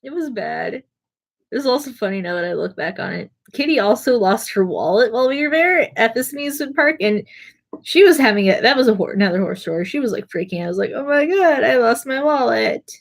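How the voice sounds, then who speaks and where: Young woman streamer, mid-pitched, rambling and self-mocking, laughs through her stories. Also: expressive, fast. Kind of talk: casual storytelling.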